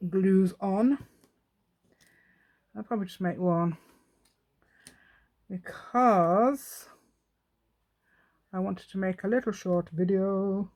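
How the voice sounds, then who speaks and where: A woman's voice: medium pitch, a little mellow. Chatty English woman doing crafts. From England. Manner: chatty, self-mocking, rambling asides, laughs often. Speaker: craft channel host. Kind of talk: casual craft tutorial chat.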